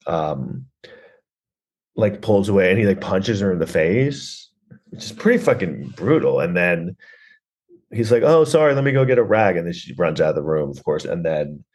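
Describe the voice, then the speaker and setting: A man's voice: deep voice, expressive, normal speed, a little mellow, slightly rough. A man hosting a podcast, recapping a film in a rambling, sarcastic way, full of fillers and swearing. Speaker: podcast host reviewing a film.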